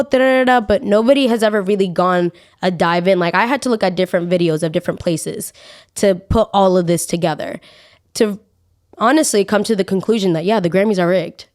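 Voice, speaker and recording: A young woman hosting a solo podcast, giving her opinions in an animated rant that leaps up high whenever she gets outraged. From Latina. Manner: animated ranting, jumps up high when outraged. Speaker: podcast host.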